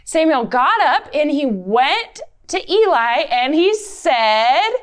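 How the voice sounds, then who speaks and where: A woman's voice: high voice, sing-song, slow. A woman leading an interactive Bible story for children, playfully coaxing them to join in. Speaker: children's Bible lesson leader.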